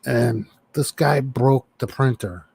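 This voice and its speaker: A man telling a story in casual chat, swearing freely and animated. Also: medium pitch, slow, breathy edge. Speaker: chat participant.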